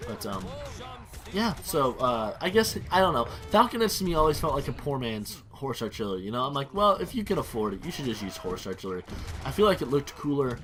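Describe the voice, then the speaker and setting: A man talking over his own strategy game match in loose let's-play commentary. He rambles with quick bursts of excitement, trips over and corrects his own words, and swears now and then. His pitch sits at an ordinary middle height for a man. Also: faint music behind. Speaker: gaming YouTuber.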